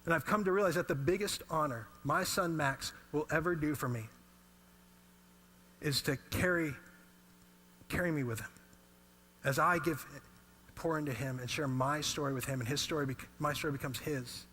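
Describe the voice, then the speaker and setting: A man in his thirties preaching a sermon as a pastor, telling personal stories in an animated way. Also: a little high, moderate pace, long pauses, slightly rough. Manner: animated storytelling.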